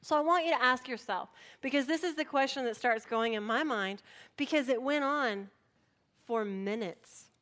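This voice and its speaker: A middle-aged woman pastor preaching a sermon, telling a story in an animated way and acting out voices. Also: high-pitched, moderate pace.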